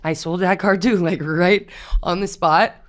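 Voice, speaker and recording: A woman's voice: on the low side, fairly even intonation, measured pace. A woman co-hosting a podcast, casually and candidly telling stories about her past, swearing freely. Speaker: podcast co-host. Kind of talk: casual chat.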